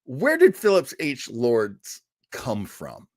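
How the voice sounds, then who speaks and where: A male host from New England tells old radio history in a casual, rambling way, breaking off with little laughs and fillers. His pitch swings around a lot. The sound is close and dry, with no room around it. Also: wildly swooping pitch, slow pace, no room sound. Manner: chatty and digressive, with frequent fillers and laughs. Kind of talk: casual storytelling commentary.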